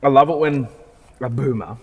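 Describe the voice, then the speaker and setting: A man's voice: medium pitch, moderate pace, slightly rough, in a large hall. A man, a car salesman and podcast co-host, chatting casually in a rambling way with frequent restarts and casual swearing. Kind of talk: casual chat. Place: car showroom.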